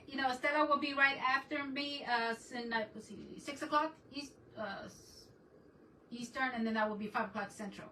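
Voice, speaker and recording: A woman hosting a casual crafting livestream from home, chatting excitedly and greeting viewers in a mix of English and Spanish. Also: a little high, moderate pace, distant mic, poor audio.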